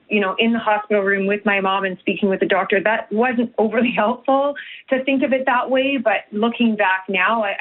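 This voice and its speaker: A woman from Canada, a nutritionist and health coach, speaking earnestly as a radio guest with many fillers and restarts. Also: mid-range voice. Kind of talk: radio interview over the phone. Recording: tinny phone line.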